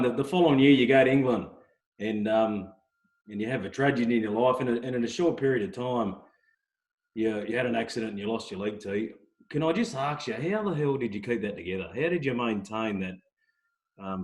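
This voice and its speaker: A man's voice: mid-range voice, a little fast, darkish tone. A middle-aged man hosting an interview, asking friendly questions with restarts. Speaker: host. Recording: roomy echo.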